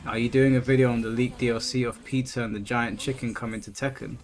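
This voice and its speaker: A man's voice: mid-range voice, level tone, fast. A man in his thirties casually chatting on a gaming stream, reading chat aloud and often repeating himself as he talks. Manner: laid-back, reads chat aloud, stumbles and repeats words. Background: game music.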